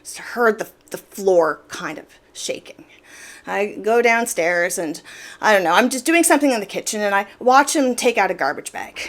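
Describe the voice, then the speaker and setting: A woman's voice: a little high, expressive, moderate pace, long pauses, a bit bright. A woman hosting an opinion commentary, explaining her points in a direct, casual way and stressing them by repeating words. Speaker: commentary channel host.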